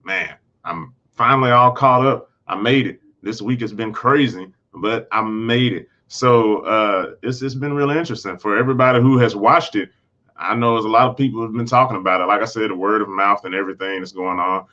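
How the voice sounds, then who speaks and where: A man's voice: fairly low pitch, fairly quick, bright, forceful tone, dull audio. A man hosting a casual TV episode recap, rambling along with frequent restarts and self-corrections. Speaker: host.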